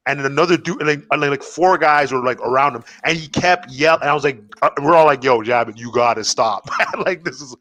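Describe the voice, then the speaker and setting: A man in a casual podcast chat among friends, jumping in excitedly and swearing as he retells a night out. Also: on the high side, fast, few pauses. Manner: excitable, profane, laughing as he retells. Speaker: podcast co-host.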